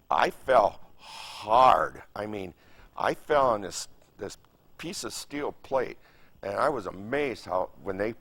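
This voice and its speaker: A Michigan man in his seventies, his voice on the low side, gravelly and a bit bright, recalls his time as a veteran for an oral history interview. He tells it vividly and emphatically, repeating phrases and adding sound effects.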